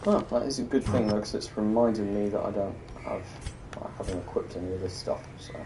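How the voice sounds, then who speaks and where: A man's voice: on the low side, brisk, distant mic, noisy background. A young British man giving casual, sardonic commentary while streaming a game, muttering to himself and breaking into exasperated rants.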